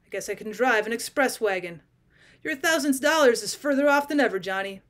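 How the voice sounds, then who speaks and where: A woman reading the lines of a quiet, conflicted male detective, speaking them in a thoughtful, earnest way. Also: on the high side, animated, fairly quick.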